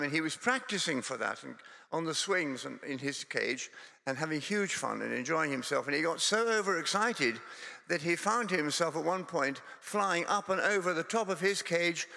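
A Scottish man preaches with a strongly gravelly, bright voice. He talks in a chatty, self-deprecating way, wandering into stories and jokes. The sound carries a long reverb from a church. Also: on the high side. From Scotland. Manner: conversational, self-deprecating, digressive. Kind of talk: sermon with humorous storytelling.

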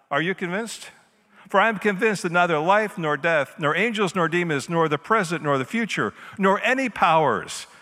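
Male pastor, fairly high voice, dynamic sermon delivery, long reverb of a church hall. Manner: dynamic preaching, swinging between loud emphasis and quiet intimacy.

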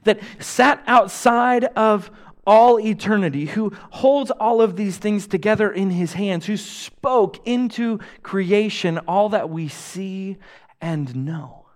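A young man delivers a sermon in an earnest, unhurried way. His voice sits a little high for a man, and he lets each phrase land slowly. He swells loud on emphasis, then falls to a hush. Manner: earnest preaching, swings between loud emphasis and soft hushed lines. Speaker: pastor.

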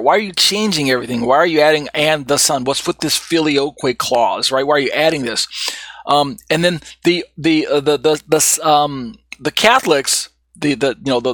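A man's voice: a little high, fairly bright tone, dry recording. A man giving an unscripted theology lecture, rambling with many restarts and fillers. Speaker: Bible teacher.

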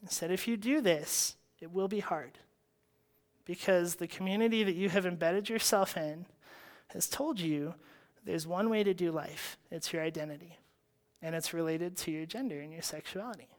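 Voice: medium pitch, moderate pace. House church leader, conversational storyteller who acts out both sides of a talk and laughs often. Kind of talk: personal faith story.

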